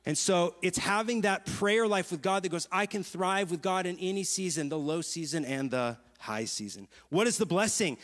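A man with a high, bright-toned voice preaches a lively sermon, trading stories and questions with his congregation. His voice rings out with a long reverb tail, as in a large church auditorium. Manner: lively, storytelling, asks the crowd questions. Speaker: pastor.

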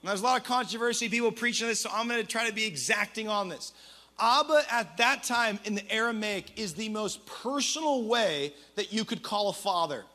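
A man preaching a sermon as a pastor, energetic and humorous, with quick conversational asides. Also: high-pitched.

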